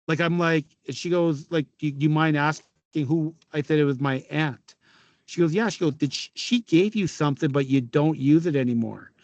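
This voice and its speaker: Guest, middle-aged Canadian man, storyteller, profane, slightly high voice, dry close mic. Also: moderate pace, dry recording, highs cut off. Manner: animated, profane, quotes people in dialogue. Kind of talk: casual storytelling.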